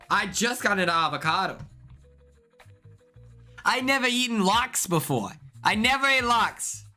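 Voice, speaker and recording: A young man streaming, chatting casually and excitedly, repeating himself as he reacts. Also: high-pitched. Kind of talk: casual chat reacting to clips and gaming.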